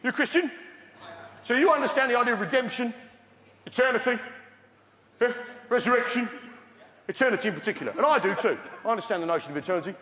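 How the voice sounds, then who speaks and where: A man's voice: extremely high pitch, fast, long pauses. A British man doing a stand-up routine on a theatre stage, brash and talking straight to the crowd. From Britain. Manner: brash, addresses the crowd directly. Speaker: stand-up comedian. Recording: echoey theatre, loud audience noise.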